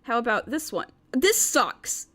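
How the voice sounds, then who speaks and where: A woman's voice: on the high side, very animated, a little slow, bright, forceful tone. A young woman streaming a visual novel, commenting in an exasperated, incredulous way with lots of repeated words and rambling, and reading the game text aloud.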